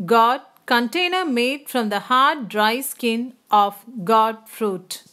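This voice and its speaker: A woman teacher reading a textbook passage aloud in a slow, deliberate way. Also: on the high side, expressive, sharp tone.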